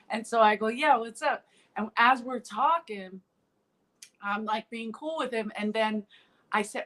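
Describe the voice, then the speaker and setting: Woman, middle-aged, blunt, animated, casual podcast talk. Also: on the high side, normal speed, low-quality recording. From South Philadelphia. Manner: blunt, animated, acts out quotes. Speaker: comedian guest. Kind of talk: casual podcast chat, storytelling.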